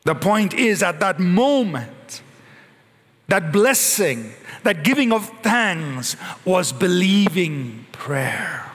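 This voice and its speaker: Man, preaching, animated, high pitch, long hall reverb. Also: slightly rough. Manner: animated preaching, slowing and rising on quoted prayers. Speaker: pastor. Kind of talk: sermon.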